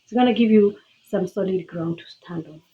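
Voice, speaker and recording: A woman's voice: mid-range voice, normal speed, narrow, tinny audio. A woman with a Kenyan accent giving an earnest, faith-filled personal testimony in a motivational tone.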